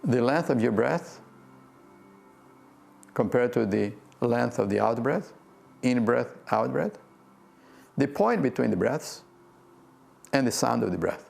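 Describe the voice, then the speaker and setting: An older man, a physics professor, gives a gentle, playful guided talk on breath meditation and laughs often. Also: medium pitch, animated, slow pace, gravelly, long pauses, soft background music. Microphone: video talk to a remote audience.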